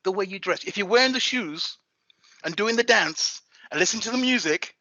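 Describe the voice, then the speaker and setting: A man in his fifties from England, an event MC talking in a casual interview, hyped and animated. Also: high voice, fairly quick, dry recording, muffled recording. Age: 50s. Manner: hyped and animated, swinging into playful voices.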